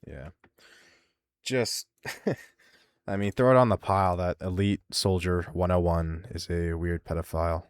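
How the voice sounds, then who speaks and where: A low-pitched man streaming live, reading viewer answers aloud and tearing into them with crude, mocking exasperation. His voice sits close and dry on the mic, with no room sound around it. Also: fairly even intonation, measured pace, pauses often, clear, resonant tone, no echo. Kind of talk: casual live-stream commentary.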